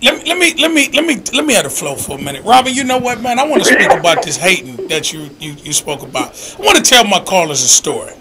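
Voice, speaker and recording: A man hosting a call-in show, telling stories in an animated, emphatic way with bursts of shouting. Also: sits high, fast, few pauses, very noisy. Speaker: radio show host. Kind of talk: casual call-in chat.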